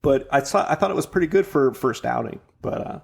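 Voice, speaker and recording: A man's voice: mid-range voice, animated, fairly quick, gravelly, husky. A man in his forties co-hosting a podcast, chatting in a laid-back, rambling way. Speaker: podcast co-host. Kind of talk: casual chat.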